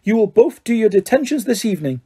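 A man's voice: high-pitched, very animated, fast, warm tone, slightly rough, pitched above the performer's own voice, exaggerated voice. A man voicing a strict older female professor with clipped, firm speech. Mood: stern.

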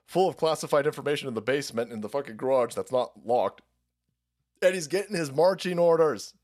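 Male streamer host, profane rant delivery, lively pitch swings. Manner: crude, animated, laughs often.

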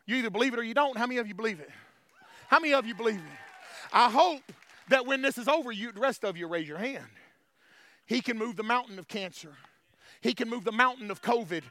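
A man's voice: very high-pitched, expressive, brisk, sharp tone, no room sound. A man preaching a fiery call-and-response sermon as pastor.

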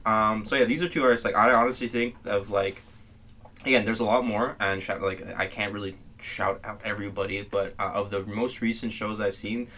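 A man's voice: on the low side, fairly even intonation, a little fast, pushed and bright. A man in a casual chat, rambling and swearing, with many fillers. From Canada. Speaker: guest.

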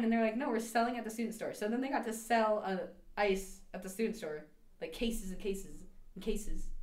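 A woman's voice: mid-range voice, echoey room. A young adult woman co-hosting a podcast, telling a story in casual chat with laughs and mimicked quotes. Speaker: podcast co-host.

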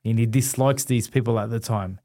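A man from Australia, a guest on an interview show, telling a long personal story at an ordinary, middle pitch. He is animated and lively, slipping into the voices of the people he quotes. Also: brisk. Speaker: guest, former boxing champion.

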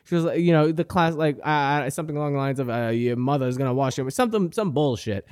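A man's voice: fairly high pitch, fast, a little mellow, clear, resonant tone, no echo. A young man hosting a podcast, telling a profane comic story, crude and indignant. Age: young adult. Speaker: podcast host. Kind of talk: comedic storytelling monologue.

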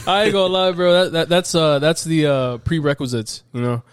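A man's voice: fairly high pitch, a little fast, clean tone, no room sound, studio quality. A man co-hosting a podcast in casual chat, laid-back and laughing often. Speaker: podcast co-host.

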